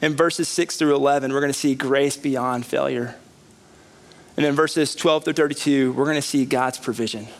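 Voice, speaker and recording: With medium pitch and a moderate pace, a man in his thirties preaches in a church sanctuary. He keeps the sermon conversational and animated, pushing his emphasis upward.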